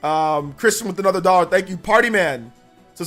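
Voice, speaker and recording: A man's voice: high voice, brisk, a bit bright, soft background music. A man streamer chatting casually on a live reaction stream, rambling, laughing and reading donation messages aloud. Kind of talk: casual livestream reaction chat.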